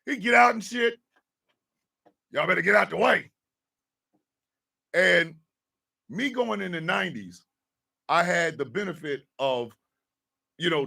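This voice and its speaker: A middle-aged man, hosting a morning radio show and telling profane, animated stories with shouted impressions. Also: a little high, vocal fry, far from the mic. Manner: animated storyteller, profane, mimics drill sergeants.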